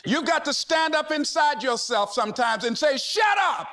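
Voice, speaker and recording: A man giving a fiery motivational speech, shouting and repeating his points with a preacher's drive. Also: very high voice, moderate pace, a little hiss or hum. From United States. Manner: fiery, shouting, repetitive exhortation. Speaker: motivational speaker.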